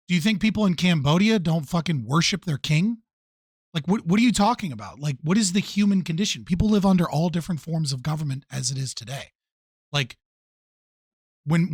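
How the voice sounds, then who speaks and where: Male streamer, slightly high voice, blunt and profane commentary, dry close mic. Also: no room sound. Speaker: streamer reacting to a debate clip. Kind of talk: casual live commentary.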